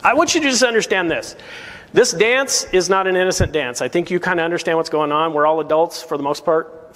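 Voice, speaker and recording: A male pastor delivers a sermon in an earnest, emphatic way, pressing his listeners with questions. His voice sits a little higher than most men's. The sound carries a long reverb, as if from a large hall. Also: a bit bright. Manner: earnest and emphatic, full of rhetorical questions to the congregation. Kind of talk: verse-by-verse sermon.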